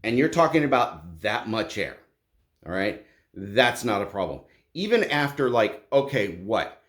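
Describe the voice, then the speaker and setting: A man's voice: lowish voice, big pitch swings, measured pace, fairly bright tone, reverberant. A middle-aged man ranting bluntly and profanely as a tradesman vlogger, exasperated and dismissive.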